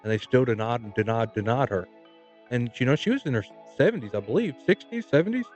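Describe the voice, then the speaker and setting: A man's voice: medium pitch, lively intonation, fairly quick, a little mellow, faint music behind. A young man co-hosting a podcast, laid-back and profane, laughing often as he tells stories. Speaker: podcast co-host. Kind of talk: casual chat.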